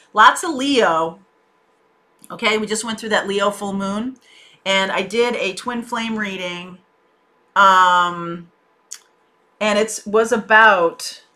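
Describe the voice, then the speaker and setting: A woman's voice: medium pitch, pushed and bright. A woman giving a casual tarot reading, conversational and reassuring, with frequent fillers. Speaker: tarot reader.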